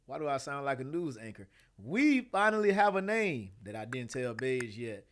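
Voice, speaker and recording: A man's voice: medium pitch, sing-song, moderate pace, few pauses. A young man co-hosting a casual podcast, laid-back and asking teasing questions. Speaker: podcast co-host.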